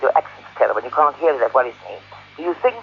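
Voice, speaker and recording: A woman's voice: extremely low pitch, animated, fast, gravelly, slight background noise. A woman working as a drama coach, speaking in a blunt, brusque and impatient way on a phone call. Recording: muffled telephone line on old radio tape.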